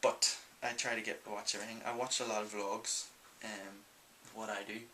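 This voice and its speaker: A man's voice: on the low side, little pitch movement, moderate pace, bright, forceful tone, a little hiss or hum, rough recording. A young man with a Northern Irish accent, answering viewer questions in a casual, rambling vlog full of ums. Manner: chatty and rambling, many ums. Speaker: vlogger.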